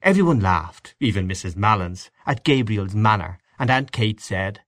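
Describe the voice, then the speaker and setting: A man with a low voice reads a classic story aloud. His delivery is measured but moves through a wide, lively range of pitch. The sound is dry and close, with no room around it. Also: no room sound. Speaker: narrator. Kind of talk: scripted narration of a classic story.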